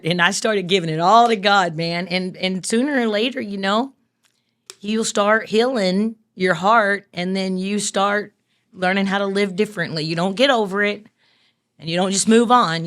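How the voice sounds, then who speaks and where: A woman's voice: mid-range voice, fairly bright tone. Brief: woman, guest on a talk show, earnest and blunt, shares painful memories in mid-range voice. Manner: earnest, plainspoken, with casual swearing. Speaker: guest, business owner. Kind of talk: emotional personal story in a conversation.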